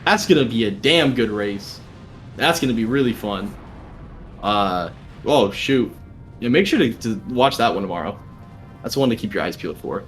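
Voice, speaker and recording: A man's voice: lowish voice, animated, moderate pace, long pauses, soft background music. Easygoing young male stream commentator. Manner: easygoing, chatty, lots of fillers. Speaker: tournament commentator. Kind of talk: casual live-stream commentary.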